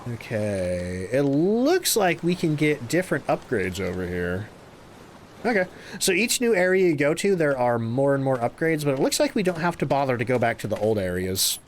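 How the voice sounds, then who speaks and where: A man's voice: medium pitch, big pitch swings, normal speed, a little hiss or hum. A man streaming a game live, reacting with goofy jokes and sudden exclamations and thanking his chat. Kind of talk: live gameplay commentary.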